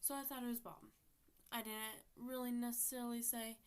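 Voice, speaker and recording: Teen girl, casual storytime, slightly high voice, chatty with lots of fillers. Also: little pitch movement, a little fast, clean tone. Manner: chatty, acts out text messages with lots of fillers. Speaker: storytime vlogger.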